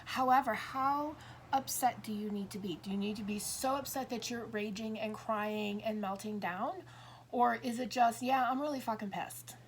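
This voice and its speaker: A tarot reader in her fifties talks in a casual, rambling monologue, interrupting herself and acting out little dialogues as she explains. Her voice is on the high side at a moderate pace, with a little hiss or hum in the background.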